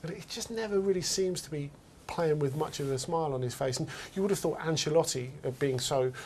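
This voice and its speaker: A man's voice: a little high, brisk, darkish tone, slight background noise. A man discussing football in a casual studio chat, talking hesitantly and often repeating his words as he thinks. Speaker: football pundit.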